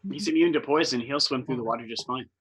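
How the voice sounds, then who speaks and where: A man's voice: medium pitch, fast, fairly bright tone, husky. A man playing a tabletop game, laid-back and explaining rules. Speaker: player. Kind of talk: casual tabletop play.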